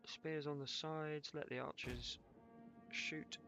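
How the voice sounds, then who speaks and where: A man's voice: on the high side, steady tone, slow, music in the background. A man commentating his own strategy game as he plays it, in a loose, conversational way. He swears freely and jokes with his viewers while he calls out orders to his troops. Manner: casual, swears, jokes with chat. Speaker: streamer. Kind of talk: live gameplay commentary.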